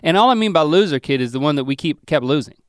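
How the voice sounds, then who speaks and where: A middle-aged man chats on a podcast, spinning rambling, self-deprecating yarns. His pitch jumps around a lot, and the sound is dry and close-miked. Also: fast talker, clean tone, dry recording. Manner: rambling, self-mocking storytelling with lively pitch swings. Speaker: podcast co-host. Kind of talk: casual comedic chat.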